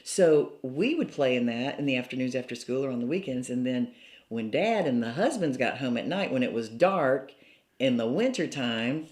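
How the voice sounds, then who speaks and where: A woman's voice: extremely low pitch, animated, normal speed, darkish tone. An older woman from Mobile, Alabama, being interviewed and reminiscing casually, chatty and laughing often between phrases. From Mobile, Alabama, USA. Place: indoors in a cottage. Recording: roomy echo.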